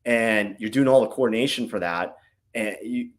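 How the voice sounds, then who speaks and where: A man who used to be an intelligence officer rambles as a guest in a casual interview chat, stuffing his talk with fillers and tacking "right?" onto his lines. His voice is on the low side and moves at normal speed.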